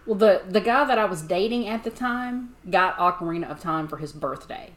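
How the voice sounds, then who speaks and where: A middle-aged woman co-hosting a podcast, chatting in a relaxed way and laughing along. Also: lowish voice, normal speed. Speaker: podcast co-host. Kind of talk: casual chat.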